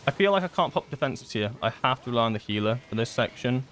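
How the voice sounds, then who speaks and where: Excitable man commentating his gameplay. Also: medium pitch, a little fast, long pauses, a little hiss or hum. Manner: excitable, thinking aloud, pleading with teammates. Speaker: gaming content creator.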